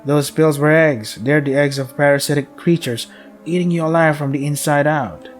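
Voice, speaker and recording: A man's voice: a little high, steady tone, normal speed, faint music behind. A man streaming a visual novel, reading its text aloud steadily and breaking off for dry asides. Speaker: game streamer.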